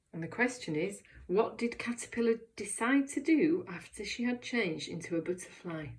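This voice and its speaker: Brief: primary teacher, woman, lowish voice, clear step-by-step encouragement. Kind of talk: recorded reading lesson for children.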